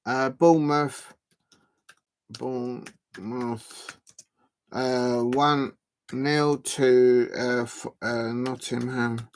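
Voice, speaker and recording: A man hosting a live football watch-along, talking in a loose, rambling way at an ordinary middle pitch. He stretches his words out slowly while he types into the chat, and his chat keeps drifting from one point to the next. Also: level tone, smooth.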